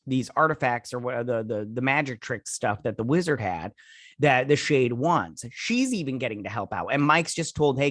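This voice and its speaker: A man's voice: medium pitch, a bit bright, no echo. Chatty man recapping in a dry room. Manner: chatty, retells scenes in quick mimicking voices; lots of fillers and restarts, rambling. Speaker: host reviewing a TV episode. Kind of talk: casual recap and review.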